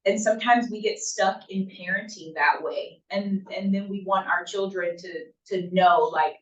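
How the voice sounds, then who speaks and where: A woman gives an informal talk to a group of parents, talking conversationally and often pausing to check in with "right?". Her voice sits at an ordinary middle pitch. It comes from some distance across a reverberant room, and the recording sounds dull and lo-fi. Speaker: workshop presenter for parents.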